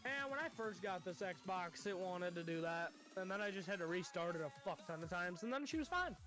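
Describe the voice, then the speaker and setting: A woman's voice: lowish voice, lively intonation, a little fast, fairly bright tone, faint music behind. A woman playing a tabletop game who talks in a crude, profane, joking way during casual chat. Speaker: player.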